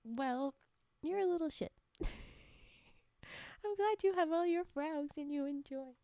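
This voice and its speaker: This high-pitched woman streamer talks slowly and playfully to her audience on an ASMR stream, keeping things soft, often whispering, and laughing in frequent giggles. There's no echo, and the sound is studio quality.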